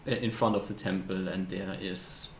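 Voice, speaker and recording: Gravelly low-voiced male game master. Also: steady tone, moderate pace. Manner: hesitant, searching for words with many fillers. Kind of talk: narrating a tabletop game. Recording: echoey room, faint hiss.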